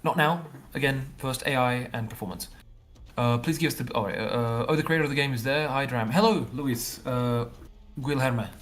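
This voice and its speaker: A man's voice: medium pitch, normal speed, fairly bright tone. A man, a game developer, chatting casually on a livestream and thinking aloud in loose, rambling explanations full of repeated fillers.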